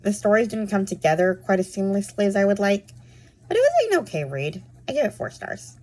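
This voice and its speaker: A woman's voice: fairly low pitch, darkish tone. Chatty woman reviewing books. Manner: chatty, rambling, many "like" and "um" fillers. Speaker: book reviewer. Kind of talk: casual book chat.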